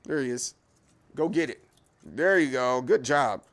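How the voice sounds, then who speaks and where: A man's voice: medium pitch, expressive, measured pace. A man hosting a casual livestream from his home kitchen. He rambles in a chatty way and talks straight to his viewers while walking with a handheld camera. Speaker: livestream host.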